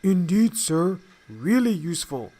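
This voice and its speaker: A man's voice: sits high, big pitch swings, measured pace, warm tone, full character voice. A man voicing a nervous male engine who stammers and fawns over his boss. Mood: flustered. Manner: stammering, fawning, filler-heavy.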